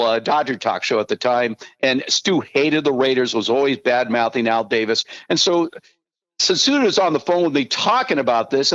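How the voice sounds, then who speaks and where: Brief: man in his 60s, guest storyteller, cursing freely, somewhat high voice, dry close sound. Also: dry recording, lo-fi sound. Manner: animated, profane anecdotes. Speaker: podcast guest, former team spokesman. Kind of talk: storytelling in casual talk.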